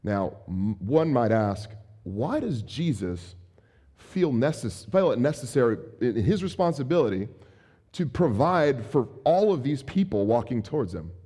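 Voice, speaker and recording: A man in his thirties preaching a sermon as pastor, conversational and animated, with playful asides. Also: mid-range voice, measured pace.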